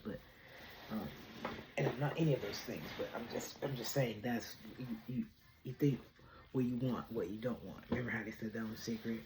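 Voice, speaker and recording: Fast-talking bubbly woman vlogger. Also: extremely low pitch, background noise. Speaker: vlog host. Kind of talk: casual spiritual chat. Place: home apartment.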